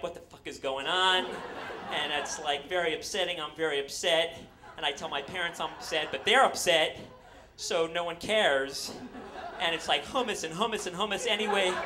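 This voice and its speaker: A man in his forties, from New York, spins a rambling, self-mocking tale on a live stage, his voice sitting a touch high for a man. The recording is noisy, with a steady hiss of ambience under him. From New York, USA. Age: 40s. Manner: rambling, self-deprecating, comic. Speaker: storyteller. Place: on a stage before an audience. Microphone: handheld stage mic.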